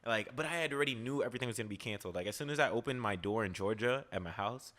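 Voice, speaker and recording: A young man hosting a podcast, telling a story in casual chat, animated and profane, full of "like" and "yo". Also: mid-range voice, rapid-fire. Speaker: podcast host.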